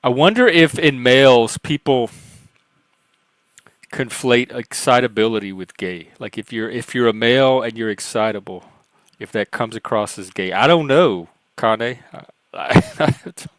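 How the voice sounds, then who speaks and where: A man's voice: medium pitch, normal speed, a bit bright, dry recording. Man, stream host, casual chat, self-mocking, laughs a lot, light voice, dry recording. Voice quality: light, youthful-sounding voice for a man.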